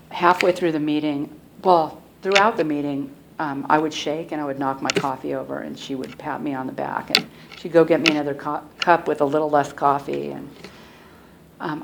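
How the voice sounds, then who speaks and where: Low-voiced woman telling her recovery story. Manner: soft-spoken, halting storytelling with frequent restarts. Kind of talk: personal recovery testimony. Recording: clear background noise and clicks.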